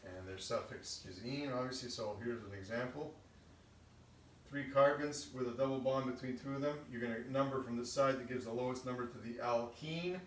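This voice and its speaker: A man's voice: medium pitch, normal speed, slight background noise. A male chemistry teacher giving a casual recorded lesson. He explains step by step and often checks in with "okay?". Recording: echoey room, voice from a distance.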